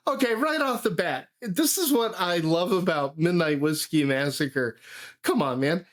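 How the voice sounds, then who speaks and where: A man's voice: on the high side, expressive, measured pace. A man hosting a live music reaction, enthusiastic, swearing and humming drum beats. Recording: music playing behind.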